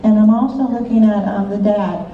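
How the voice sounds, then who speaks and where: A woman's voice: medium pitch, fairly even intonation, normal speed. A woman working as a psychic medium, giving live stage readings to an audience in a chatty way, laughing often and checking in with short questions. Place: large hall with a live audience. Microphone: audience member's phone recording from the seats. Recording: echoey hall from far off, muffled, faint noise.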